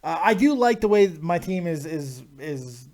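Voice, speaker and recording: A man hosting a casual live talk show, talking excitably about fantasy hockey and fights and swearing freely. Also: a little high, measured pace. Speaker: host.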